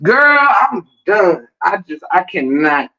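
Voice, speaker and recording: Male comic, high and lively, slow sassy drawl, flamboyant gossip rant. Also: highs cut off. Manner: sassy, exaggerated and flamboyant, peppered with "girl" and "child"; breaks into laughter and gasps for breath. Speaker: commentator.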